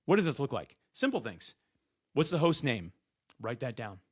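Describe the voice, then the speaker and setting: A man who talks loud and fast, coaching people on being podcast guests in an energetic, direct-to-camera way, often acting out what guests and hosts say. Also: medium pitch, dry recording, studio quality.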